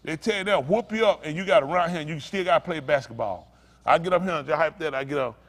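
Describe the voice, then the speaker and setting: Fired-up preacher man with a high voice. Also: fast talker. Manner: swings between shouting outrage and weary low muttering. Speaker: pastor. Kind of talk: impassioned sermon rant.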